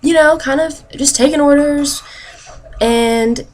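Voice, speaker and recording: A woman's voice: sits high, slow pace. Sarcastic, chatty young woman vlogging. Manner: sarcastic, animated retelling. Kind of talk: casual storytelling to camera.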